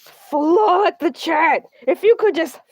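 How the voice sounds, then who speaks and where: A woman's voice: extremely high pitch, slow, a little mellow, no room sound. A woman playing a boastful, needy male shark who hosts a comedic talk show, whiny and rambling. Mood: pleading. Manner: whiny, self-centered, rambling. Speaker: host. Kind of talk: comedic character livestream.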